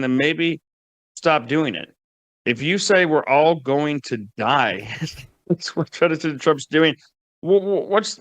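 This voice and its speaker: A man's voice: medium pitch, a bit bright, no echo. Wry man commenting, dry close sound. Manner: wry, mocking, with frequent restarts. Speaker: political commentator. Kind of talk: casual political commentary.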